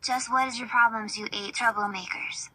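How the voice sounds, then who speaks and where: A woman voicing a bright, exasperated cartoon girl. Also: a little high, steady tone, moderate pace, a little hiss or hum, rough recording.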